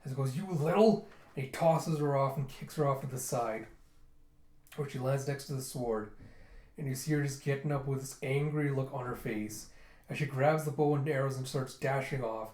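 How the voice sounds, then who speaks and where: A man casually retelling a manga chapter for his readers, slipping into quick voices for the characters. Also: mid-range voice, fairly even intonation, a little mellow, reverberant. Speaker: manga reviewer reading aloud.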